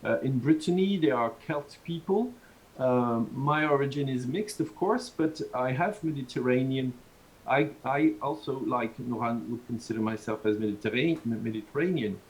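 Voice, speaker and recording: Heard through poor video-call audio, a man with a Southern French accent delivers an online university lecture in a mid-range voice at normal speed. He rambles and keeps restarting, chuckling softly between points.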